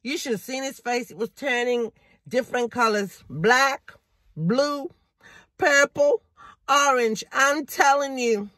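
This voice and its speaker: A fed-up working woman, played by an actress, vents to a friend in a high, unhurried voice. She is indignant and swears freely as she talks. The sound is dry and close, with no room around it. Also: pushed and bright, no room sound, heavily acted. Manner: indignant, profane, ranting on the phone. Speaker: caller venting to a friend. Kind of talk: low-budget drama monologue.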